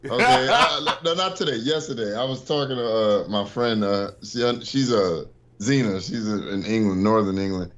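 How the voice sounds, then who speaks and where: A man's voice: lowish voice, moderate pace, a bit bright, slight background noise. Rambling man in casual chat, lo-fi. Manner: rambling, many fillers and restarts, laughs while telling stories. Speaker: podcast guest.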